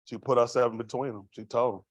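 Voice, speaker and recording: A man's voice: mid-range voice, fairly even intonation, fast talker, dry recording, highs cut off. A man giving a raw, vernacular testimony to a congregation, asking the room rhetorical questions as he tells his story. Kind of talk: street-life testimony to a congregation.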